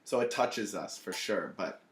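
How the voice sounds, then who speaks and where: A man's voice: low-pitched, animated, a little slow. A young man in his twenties, a restaurant owner guesting on a podcast, telling rambling travel stories in casual chat, full of fillers and acted-out quotes. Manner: rambling storyteller, many fillers, acts out quotes. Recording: echoey room.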